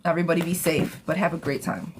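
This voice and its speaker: Woman tarot reader on a live stream, lowish voice, chatty and affectionate, with a noisy, clicky recording. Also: steady tone, quick pace. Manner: chatty, affectionate, calls viewers darling and sweetheart.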